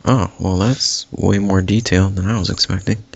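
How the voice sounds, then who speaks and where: Super low gravelly guy on a podcast, chill and jokey, muffled audio. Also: steady tone, moderate pace. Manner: laid-back, jokey, laughs often. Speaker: podcast co-host. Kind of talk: casual chat. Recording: dull lo-fi sound.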